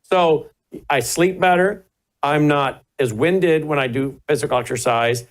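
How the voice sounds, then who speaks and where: A man's voice: on the high side, a little slow. A man hosting a talk show, chatting casually and telling rambling, self-deprecating stories. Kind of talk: casual chat.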